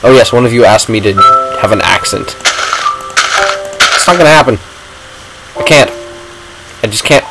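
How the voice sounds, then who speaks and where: A man's voice: mid-range voice, animated, moderate pace, vocal fry, pauses often, music in the background, low-quality recording. A man giving rambling, self-mocking commentary while playing a video game. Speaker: gaming vlogger. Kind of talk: casual gameplay commentary.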